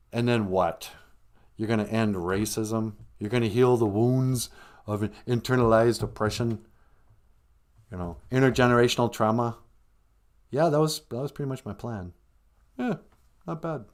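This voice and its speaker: A man from Minnesota hosting a comedic live stream, rambling and halting with a dry, self-mocking humor. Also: on the low side, a little mellow. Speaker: host of a language comedy show.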